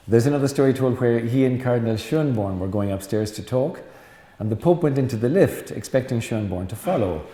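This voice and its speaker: Recorded in an echoey hall with faint noise, a middle-aged Irish Jesuit priest gives a lecture that is chatty, anecdotal, and sprinkled with teasing asides to the crowd. His voice is mellow and medium in pitch.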